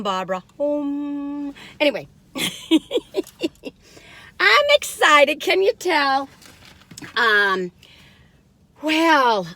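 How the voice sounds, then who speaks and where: A woman's voice: on the high side, bright, forceful tone. A bubbly, giggly woman chatting through a casual food review from inside her car. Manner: bubbly, giggly, sings playful jingles.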